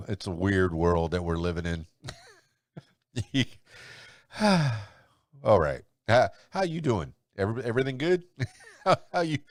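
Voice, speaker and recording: A man with a low voice hosts a solo podcast. He rambles and chuckles in a loose, conversational way, and his pitch moves up and down a lot. The sound is close and dry. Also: creaky, dry recording. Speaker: podcast host. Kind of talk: solo podcast commentary and news rundown.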